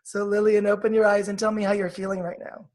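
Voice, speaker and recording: A woman healer guest who leads a guided meditation and explains energy work in a soft, measured, coaching tone. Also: medium pitch, little pitch movement.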